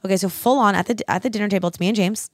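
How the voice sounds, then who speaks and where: A woman in her thirties co-hosting a podcast, telling stories in an animated, casual way and swearing a lot. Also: medium pitch, rapid-fire, no room sound, studio quality. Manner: animated storytelling, heavy swearing. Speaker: podcast co-host. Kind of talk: casual chat.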